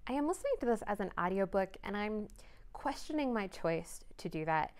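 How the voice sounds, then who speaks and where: A woman's voice: medium pitch, big pitch swings, fairly quick, clean tone. A young woman reviewing books in a casual vlog, chatty and thinking aloud with frequent hedges. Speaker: book reviewer.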